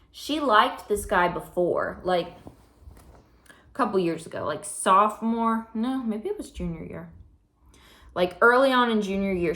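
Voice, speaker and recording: Teen girl vlogger, relaxed unhurried storytelling, lots of "like", roomy echo. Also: mid-range voice. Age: teens. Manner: chatty storytelling with many fillers. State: slightly out of breath. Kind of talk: casual vlog chat.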